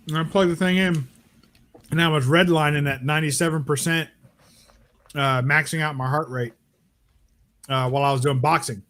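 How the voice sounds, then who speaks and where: A man's voice: fairly high pitch, steady tone, measured pace, long pauses, fairly bright tone. A man sharing easygoing, rambling anecdotes in a casual podcast chat.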